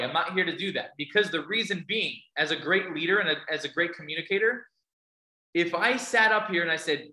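Bright-voiced male motivational speaker. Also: fairly high pitch, a little fast, roomy sound, rough recording. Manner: storytelling, asks the audience questions. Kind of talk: speech to a live audience.

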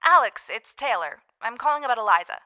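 A woman plays a caring, sincere female doctor in an audio drama. She speaks gently and stammers now and then. Her voice is slightly high and bright. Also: lively intonation, brisk. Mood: businesslike.

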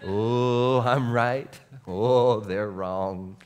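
A man preaching a sermon as pastor, animated, going from soft asides to shouts and acting out what people say. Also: mid-range voice, very slow, clear, resonant tone. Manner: animated, swings between soft and shouting, acts out quotes.

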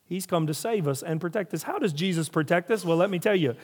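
A man's voice: high voice, fast. A man preaching a sermon, building emphasis through repeated phrases and rhetorical questions. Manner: preaching with rising emphasis and repetition. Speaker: pastor.

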